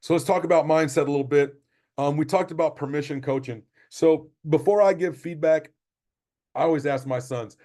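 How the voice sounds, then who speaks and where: Speaking to sports parents in a training session, this middle-aged basketball coach motivates them with emphatic, repeated points. His voice is mellow and on the high side, and he keeps a moderate pace.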